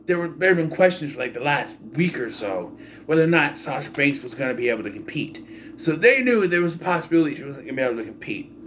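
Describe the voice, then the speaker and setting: Over faint background noise, a young man with a slightly high voice gives his take on a wrestling pay-per-view. The recap is loose and opinionated, and he keeps getting exasperated, cursing as he rants with lots of energy.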